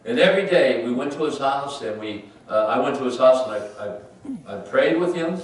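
A man preaching a sermon as pastor, dramatically acting out scripture, then softening into personal storytelling. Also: mid-range voice, lively intonation, normal speed. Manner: emphatic preaching, voices Bible figures, drops to soft storytelling. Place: church sanctuary. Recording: roomy church, far from the mic.

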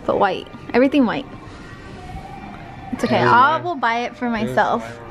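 A woman's voice: on the high side, lively intonation, very fast. Chatty young woman vlogging, music behind. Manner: chatty and playful. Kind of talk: casual vlog chat. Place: furniture store, indoors.

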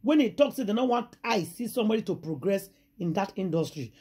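A woman with a Nigerian accent tells a juicy gossip story in a husky, breathy voice. She retells it dramatically, repeating her exclamations for effect. The tone stays casual, like a host chatting to her regular viewers. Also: medium pitch, lively intonation, fairly quick, warm tone.

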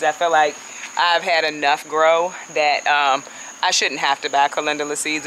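A woman's voice: low-pitched, sharp tone, slight background noise, poor audio. A woman chatting casually as she walks viewers through her backyard garden on a handheld phone, laughing often and calling them y'all. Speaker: home gardener vlogger. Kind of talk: casual garden walkthrough vlog.

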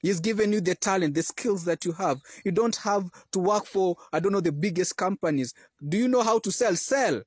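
A man's voice: sits high, moderate pace, hardly any pauses, breathy edge, no room sound, studio quality. A man preaching a sermon, exhorting listeners and rising to emphatic peaks. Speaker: Christian preacher.

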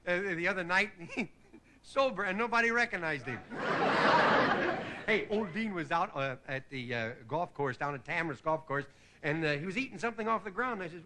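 A high, bouncy male voice runs through a comedy monologue on a studio stage, chuckling at his own punchlines and jumping in and out of funny voices. The old television recording carries a heavy layer of hiss under everything. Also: lively intonation. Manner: chuckles at his own jokes, switches into quick character voices. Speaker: comedian host. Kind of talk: stand-up monologue on a TV variety show. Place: TV studio stage before a live audience. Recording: loud hiss on a 1960s TV broadcast.

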